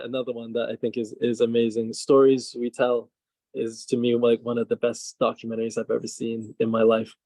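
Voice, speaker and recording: A man's voice: mid-range voice, darkish tone, no echo. A man who is a filmmaker and the guest, talking on a video call, hesitant, with many fillers and restarts. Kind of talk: casual conversational interview.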